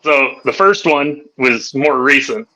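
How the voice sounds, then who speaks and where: A man's voice: mid-range voice, lively intonation, slow pace, pushed and bright, highs cut off. A man hosting a podcast, telling profane, rowdy anecdotes in casual chat and laughing through them. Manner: laughs through his stories. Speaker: podcast host.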